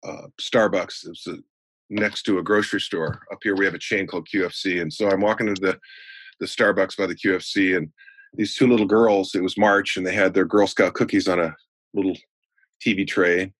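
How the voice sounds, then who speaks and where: Husky low-voiced older man telling stories. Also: a little fast, no room sound. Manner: folksy anecdotal teller, animated in stories. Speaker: guest, sales trainer and speaker. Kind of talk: conversational storytelling.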